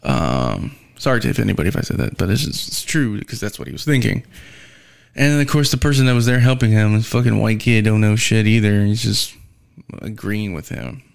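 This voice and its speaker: A man's voice: lowish voice, a little fast, vocal fry. A man working as a delivery driver tells a casual, rambling storytime rant, swearing heavily and sounding weary and fed up. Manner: profane and rambling, heavy swearing.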